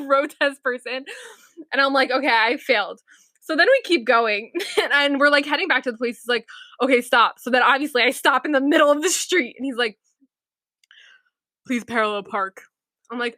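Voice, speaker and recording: A young woman tells a story on her podcast in a casual, lively way, slipping into quick acted-out quotes and laughing often. Her voice is bright and forward and sits a little high. The sound is dry and close. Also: no echo. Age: young adult. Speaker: podcast co-host.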